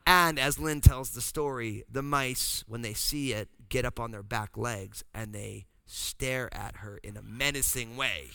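A pastor from New Jersey telling a funny family story in a sermon, acting out the voices of the people in it. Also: male voice, medium pitch, measured pace, gravelly, few pauses, smooth. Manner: animated, acts out voices in his story.

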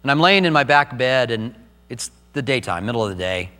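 A man's voice: medium pitch, lively intonation, fairly quick, pushed and bright, in a large hall. A middle-aged man preaching a sermon as pastor, earnest and personal as he tells his own story.

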